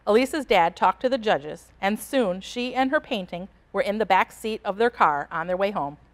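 A woman reading a picture book aloud to children in an expressive, animated storytelling voice. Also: mid-range voice, moderate pace. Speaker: storybook reader.

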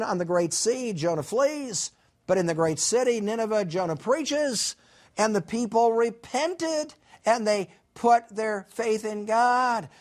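High-voiced man giving an animated lecture. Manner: animated storytelling, acting out characters' lines with big pitch jumps. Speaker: professor. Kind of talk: college Bible lecture.

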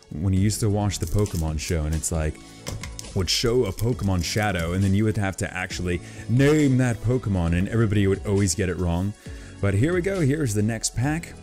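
A man with a fairly low voice talks through opening card packs in a loose, rambling way. He gets excitable and gushing when something good turns up, and faint music plays behind him. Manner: chatty, excitable, gushing over pulls. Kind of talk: casual unboxing commentary.

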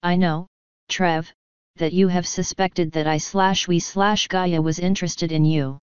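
A woman reading as a calm, teasing young woman. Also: on the low side, a little slow, clean tone, no echo, natural voice. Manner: calm, playful, self-assured. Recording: dull lo-fi, dry.

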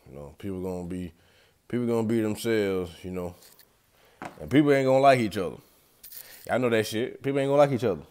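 Young guy vlogging, low voice, slangy and cussing a lot, just talking to the camera. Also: fast, long pauses, a little mellow. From Atlanta, USA. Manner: loose, slangy and profane, talks straight to viewers. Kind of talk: casual rambling vlog.

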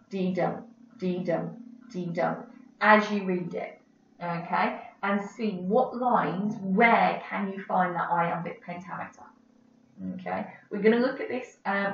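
A woman teaching a recorded English lesson over slides, chatty and full of fillers, checking "okay?" as she goes. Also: mid-range voice. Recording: roomy, distant, dull lo-fi audio with faint background noise.

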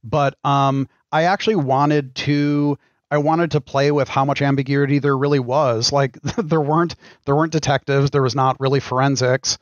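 A middle-aged man, a game designer, answering interview questions in a thoughtful, halting way with frequent ums. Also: mid-range voice, little pitch movement, no room sound, dull audio. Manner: thoughtful, pauses with many ums. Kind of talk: casual podcast interview.

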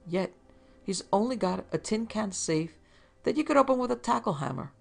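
A woman's voice: medium pitch, expressive, moderate pace, vocal fry, soft background music, voice pushed up. A woman voicing a wisecracking male detective who talks his way out of trouble in a breezy, bluffing manner. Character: wisecracking male detective's sidekick, quick-witted.

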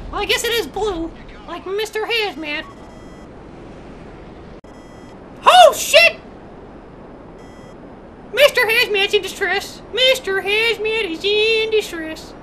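Someone doing squeaky, manic Mister Hazmat. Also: bright, forceful tone, a little hiss or hum, exaggerated voice. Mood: excited. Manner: refers to himself in third person, erratic swings between glee and rage. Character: Mister Hazmat, a giddy, volatile man in a hazmat suit. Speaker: game video player. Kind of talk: comedic role-play over online gameplay.

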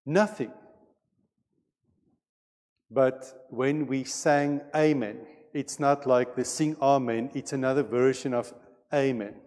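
Male pastor, mid-pitched, unhurried sermon delivery, church hall with a long echo. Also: steady tone, darkish tone. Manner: measured, deliberate preaching. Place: church sanctuary.

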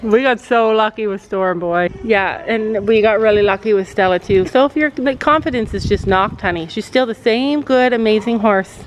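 A woman's voice: mid-range voice, moderate pace, few pauses, poor audio. A woman vlogging as a mother at a horse barn, talking in a chatty, encouraging, rambling way. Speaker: vlogger mom. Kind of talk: casual family vlog at a horse barn.

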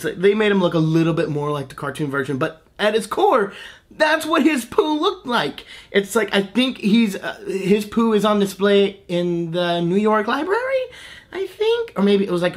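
A young man in his twenties, a voice actor, talking casually to camera in a gushing, excitable way with laughs and restarts. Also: sits high. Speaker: voice actor, channel host. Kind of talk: casual reaction vlog to camera.

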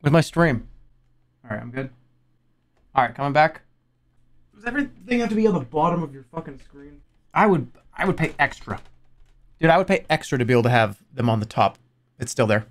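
A man in his thirties streaming games live, talking to his chat in an excitable, exasperated way, swearing and breaking into high-pitched outbursts. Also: a little fast, pauses often. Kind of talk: live game stream commentary.

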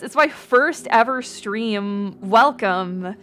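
Slow-talking woman streamer, higher voice. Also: animated, fairly bright tone. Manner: rambling, swears often, laughs a lot; reads out chat names and thanks. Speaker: VTuber streamer. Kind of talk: casual livestream chat.

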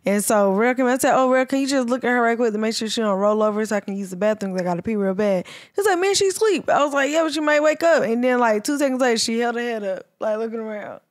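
A woman's voice: a little high, fast, hardly any pauses, no room sound, clean studio sound. A woman co-hosting a casual podcast chat, telling stories and acting out quotes in a raised voice. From American South. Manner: storytelling, acts out quotes in a raised voice. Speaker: podcast co-host.

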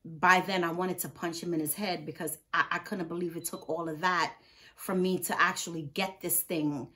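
A woman's voice: fairly low pitch, normal speed. A woman, a nurse, telling a personal story in a casual storytime vlog, earnest and heartfelt, acting out what others said. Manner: lively storyteller who acts out others' words. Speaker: vlogger.

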